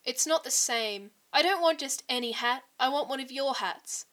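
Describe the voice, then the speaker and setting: A woman voicing an excitable young man who teases and wheedles his friends. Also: high-pitched, normal speed. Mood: playful. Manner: eager, teasing, wheedling.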